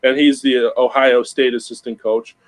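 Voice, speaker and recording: A man's voice: mid-range voice, flat delivery, moderate pace, poor audio. A man hosting a sports podcast, talking emphatically and repeating words for stress. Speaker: podcast host. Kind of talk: casual sports podcast talk.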